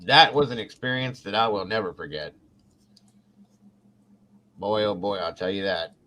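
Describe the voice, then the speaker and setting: Animated man telling a wild story. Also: on the low side, moderate pace, a little hiss or hum. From Ohio. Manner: animated, swears freely, acts out quotes. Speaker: podcast host. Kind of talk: casual storytelling.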